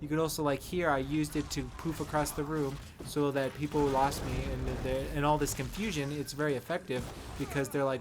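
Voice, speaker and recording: A man's voice: a little high, little pitch movement, fairly quick, few pauses, background noise. A man hosting a casual game guide, talking in a playful, rambling, jokey way. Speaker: gaming channel host.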